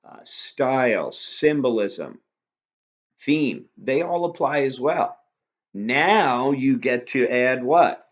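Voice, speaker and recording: A man with a fairly low voice gives a recorded lesson. He talks patiently and keeps posing rhetorical questions. The recording sounds dull and lo-fi. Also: a bit bright. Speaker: teacher. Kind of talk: recorded lecture review.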